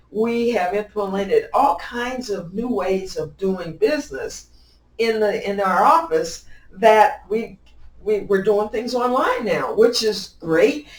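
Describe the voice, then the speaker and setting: Middle-aged woman, emphatic interview guest, mid-pitched voice, roomy distant sound. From Illinois. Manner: emphatic and upbeat, with lively swings in pitch and loudness and frequent restarts. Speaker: county clerk, interview guest. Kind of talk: conversational interview answers. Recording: echoey room, mic at a distance.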